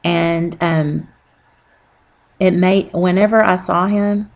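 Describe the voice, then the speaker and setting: A woman telling an earnest, rambling personal religious testimony with many pauses and fillers. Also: lowish voice, fairly even intonation. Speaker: Christian testimony speaker.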